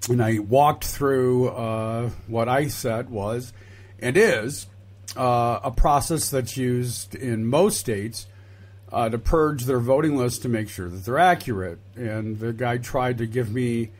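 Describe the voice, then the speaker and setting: A man co-hosting a political chat show, in a middle-pitched voice. He talks slowly and deliberately, with lots of "uh"s. He has a dry, mock-exasperated humor. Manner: deliberate, wry, mock-exasperated, halting with many uhs. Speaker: political podcast co-host. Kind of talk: casual political banter.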